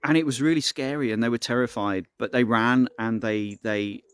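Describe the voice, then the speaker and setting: A man's voice: medium pitch, fairly even intonation, normal speed, clean tone. A man telling an improvised story in a casual, rambling way, often restarting his sentences.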